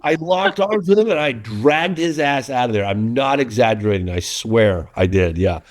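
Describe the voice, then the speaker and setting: At a moderate pace and medium pitch, a middle-aged man who makes documentaries relaxes into interview anecdotes. He keeps starting over and brings the quotes to life as an animated storyteller.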